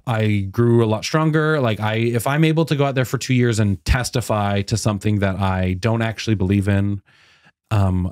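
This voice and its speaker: A comedian around thirty tells a long personal story in a loose, chatty way, filling every pause with "like." His voice sits a bit low and is recorded close and dry. He bounces into high, bright tones when acting out what others said. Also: dry recording. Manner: animated, many "like" fillers, acts out quotes in a high voice. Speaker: guest comedian. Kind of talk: casual podcast storytelling.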